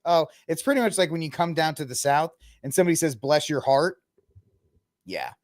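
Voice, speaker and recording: A man's voice: a little high, big pitch swings, fast. A man hosting a casual news commentary podcast, mocking and ranting in slangy talk and laughing often. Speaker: podcast host.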